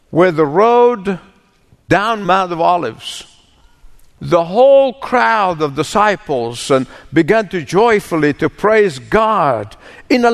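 A man's voice: sits high, big-room sound. A male pastor preaching a sermon and reading scripture, stressing his points through repetition. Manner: emphatic, repeats phrases for weight.

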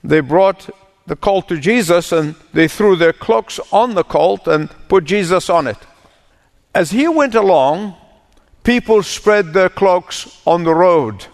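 A man's voice: high-pitched, animated, takes it slowly, long reverb tail. A male pastor preaching a sermon and reading scripture, stressing his points through repetition. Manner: emphatic, repeats phrases for weight.

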